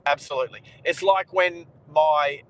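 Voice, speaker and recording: A man's voice: a little high, moderate pace, fairly bright tone, low-quality recording. An Australian man rambling in casual chat while he drives, often restarting his sentences. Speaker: co-host driving. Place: inside a moving car.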